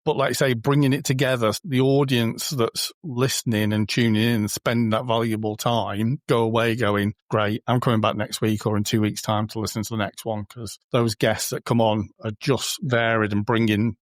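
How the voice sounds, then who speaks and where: A man's voice: fairly low pitch, flat delivery, moderate pace, few pauses, no echo. A man, a guest on an interview podcast, talking in a chatty, informal way and acting out little quoted exchanges. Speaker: podcast guest, booking company co-founder. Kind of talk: casual conversational interview.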